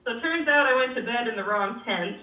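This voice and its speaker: A woman's voice: fairly high pitch, animated, fairly quick. A young woman telling a story in casual chat, swearing freely and laughing as she goes. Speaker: guest. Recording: roomy, distant, dull sound.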